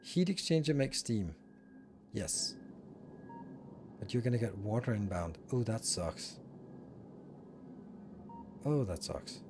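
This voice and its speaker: A man's voice: on the low side, sing-song, slow, long pauses, background noise. A man streaming a building game, thinking aloud and muttering as he plays. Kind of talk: casual live-stream commentary.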